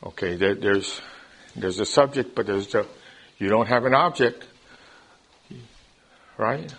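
A man's voice: on the low side, takes it slowly, gravelly, fairly bright tone. A man teaching a Bible study class in a classroom lecture style. He explains things step by step, often checks in with his listeners, and repeats words as he starts a thought.

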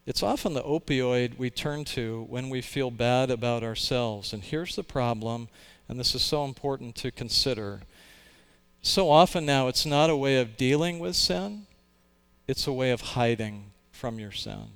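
A man's voice: mid-range voice, unhurried, clear, resonant tone. A man, who is a pastor, preaching a sermon in an earnest, emphatic way, with occasional restarts.

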